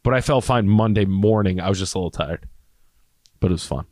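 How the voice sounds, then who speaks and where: A man's voice: deep voice, a little fast, no echo, clean studio sound. A man co-hosting a podcast, telling a story with lots of laughing and acted-out quotes in a casual chat. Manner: animated storyteller, acts out quotes, laughs often. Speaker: podcast co-host.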